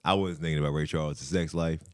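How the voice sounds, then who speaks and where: A man's voice: rumbling low, fairly even intonation, fast, no room sound. A man co-hosting a podcast in casual chat, slangy and cracking dry jokes. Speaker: podcast co-host.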